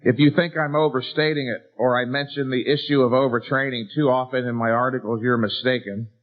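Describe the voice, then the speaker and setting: A man's voice: medium pitch, fairly even intonation, a little fast. Emphatic man lecturing over tinny audio. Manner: emphatic, lecturing, rhetorical questions. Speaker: seminar speaker. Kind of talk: bodybuilding seminar lecture. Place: seminar room with live audience. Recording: tinny lo-fi 1990s lecture recording.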